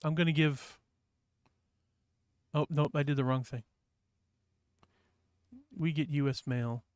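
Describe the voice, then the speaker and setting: A man's voice: on the high side, steady tone, slow pace, a little mellow, smooth, dry recording, clean studio sound. A man from New Hampshire hosting a casual livestream chat, rambling and reading viewers' messages aloud. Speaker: livestream host.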